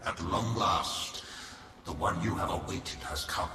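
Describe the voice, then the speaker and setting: Solemn wise elder, very deep, slow and measured, booming in a far reverberant hall, music underneath. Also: male voice. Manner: grave, measured pronouncements. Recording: distant echoey game audio with music.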